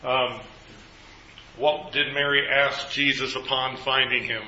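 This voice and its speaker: A man's voice: mid-range voice, level tone, slow, pushed and bright, dull audio. A man leading a group Bible study, asking the group questions and then recapping their answers.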